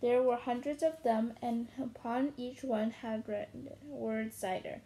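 A woman reads a children's book aloud as a storyteller. Her voice is slightly high and mellow rather than bright. She reads steadily, with small slips and restarts. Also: slow pace, a little hiss or hum, poor audio.

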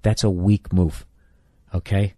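Deep-voiced blunt profane man. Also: flat delivery, takes it slowly, warm tone. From United States. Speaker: podcast host giving advice. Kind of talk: comedic advice rant.

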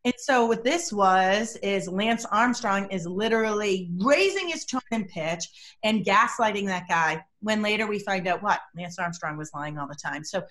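Energetic woman telling stories as an expert. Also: medium pitch, moderate pace. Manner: energetic, storytelling, emphatic. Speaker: body language expert guest. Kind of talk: podcast interview.

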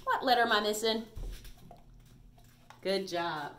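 A woman's voice: mid-range voice, lively intonation, slow, a bit bright, a little hiss or hum. A woman teaching a recorded reading lesson to first graders, patient and praising as she spells out letters.

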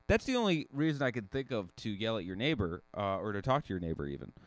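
A man hosting a casual solo podcast, telling a rambling story full of restarts and sudden rises in pitch. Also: quick pace, dry recording. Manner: rambling, self-correcting storyteller with lively jumps in pitch. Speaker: podcast host.

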